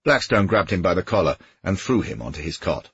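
A man narrating an audiobook in steady storytelling, with a husky voice. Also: sits low, a little fast, no echo, highs cut off. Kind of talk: scripted narration.

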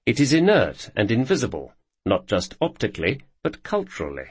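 A man narrating a nonfiction audiobook in a measured, wry storytelling manner. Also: medium pitch, wildly swooping pitch, slightly rough, no echo.

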